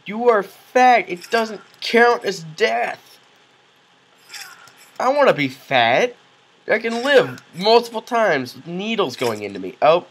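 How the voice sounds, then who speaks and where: A man doing goofy, excitable let's play commentary, yelling reactions and cracking self-mocking jokes. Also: high-pitched, takes it slowly, a little hiss or hum, poor audio. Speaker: gaming commentator.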